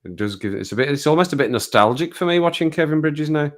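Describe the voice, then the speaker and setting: A man's voice: on the high side, lively intonation, fast talker. Rambling Midlands man chatting on a live stream. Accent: Midlands English. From England. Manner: rambling, chuckling, self-mocking. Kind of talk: casual live-stream chat.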